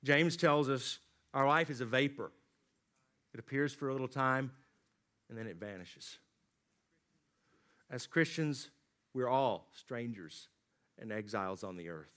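Guy preaching a sermon, loud bursts then drops way down soft, mid voice. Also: a little slow, long pauses. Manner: dynamic preaching, rising emphatic then dropping low and quiet. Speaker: pastor.

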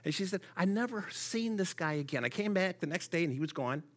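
A man's voice: high-pitched, a little fast. A man speaking to a congregation, telling stories in a sermon and often repeating words as he goes. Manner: repeats words when excited. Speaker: church speaker for the Gideons. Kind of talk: sermon with storytelling.

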